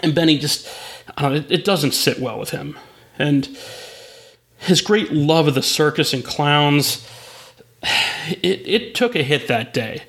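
A man's voice: a little high, animated, a little slow, long pauses, a bit bright. A man telling a long story in a rambling way, with restarts and asides. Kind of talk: spoken storytelling.

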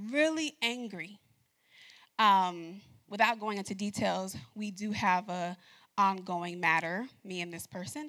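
Bright, lively woman preaching. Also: medium pitch. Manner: lively, laughs often, talks straight to the congregation. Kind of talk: sermon.

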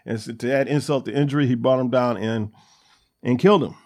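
A man's voice: mid-range voice, fairly quick, a little mellow. A man hosting a Bible study, reading verses aloud and explaining them in a loose, everyday way with plenty of ums and uhs. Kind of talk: casual scripture teaching.

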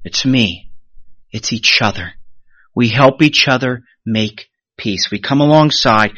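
A man preaching a sermon as pastor, animated, rising sharply then dropping to a hush, and briefly acting out the voices of the people he quotes. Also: mid-range voice, slow, no room sound. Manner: animated preaching with sudden rises and hushed drops; acts out quoted voices of the congregation.

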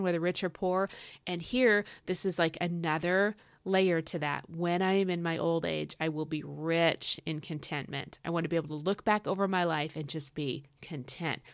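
A woman's voice: on the low side, no room sound, studio quality. A young woman teaching scripture on her podcast, enthusiastic and getting fired up like a preacher. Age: young adult. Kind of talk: devotional teaching.

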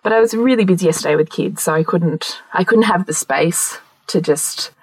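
A woman's voice: on the low side, moderate pace, husky, no room sound, low-quality recording. A woman in her thirties co-hosting a podcast in casual chat, telling stories animatedly, often laughing and swearing. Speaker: podcast co-host.

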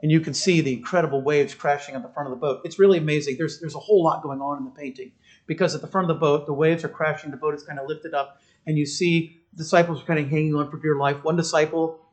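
A man delivers a sermon with fervor, his slightly raised voice climbing to loud declarations and then dropping low for stories. He slips in wry, humorous asides between the big moments. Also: fairly even intonation, fast talker. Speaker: pastor.

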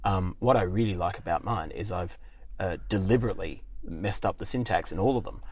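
A man's voice: low-pitched, a little fast. A man, co-hosting a casual chat show and telling playful stories. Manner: lively, playful storyteller. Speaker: co-host.

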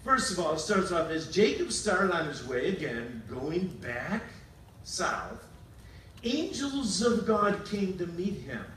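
A man's voice: high voice, big pitch swings, slow, fairly bright tone, echoey room, recorded from a distance, a little hiss or hum, low-quality recording. A male pastor preaching a sermon in a casual storytelling way, paraphrasing scripture and acting out quotes.

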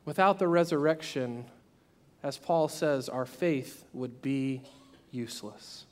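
A man preaching a sermon, telling a story and acting out its voices, swinging between loud and soft. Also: mid-range voice, takes it slowly. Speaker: pastor.

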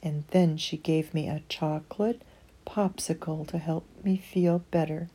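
A woman reading a children's picture book aloud in an expressive storytelling manner. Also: low voice, a little slow, slight background noise.

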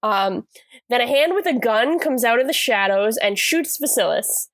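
A woman's voice: a little high, animated, normal speed, no room sound. A woman co-hosting a podcast, chatting casually and self-deprecatingly as she recaps a TV episode, with lots of fillers. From California. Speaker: podcast co-host.

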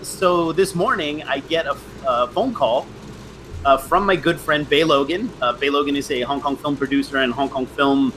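A man's voice: mid-range voice, pushed and bright, a little hiss or hum, poor audio. A middle-aged man casually telling rambling stories in a chat, often restarting and laughing.

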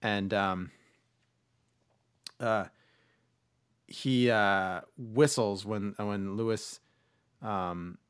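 Low-voiced man chatting, dry sound. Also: steady tone, extremely slow, pauses often, clean tone, no echo. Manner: rambling, with frequent fillers and restarts. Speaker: podcast host. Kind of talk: casual chat about movies.

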